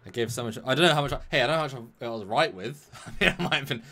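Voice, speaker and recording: A man co-hosting a casual chat, recapping a story from memory in a rambling, animated way with sudden jumps in pitch. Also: very fast. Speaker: podcast co-host recapping an episode from memory.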